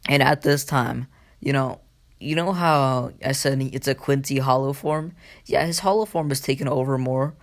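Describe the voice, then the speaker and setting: A man's voice: mid-range voice, moderate pace. A young man casually retelling a fan story, rambling with lots of fillers and swearing.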